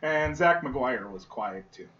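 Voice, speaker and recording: A man co-hosting a casual podcast, animated and quick to laugh. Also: mid-range voice. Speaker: podcast co-host. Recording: muffled lo-fi sound with background noise.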